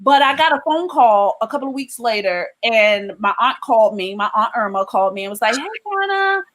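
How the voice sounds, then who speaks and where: A woman from Maryland giving an emotional personal testimony of her faith, often pausing with "um" and "right?". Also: mid-range voice, fairly bright tone, low-quality recording. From Maryland, USA. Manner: emotional storytelling with frequent "um" and "right?".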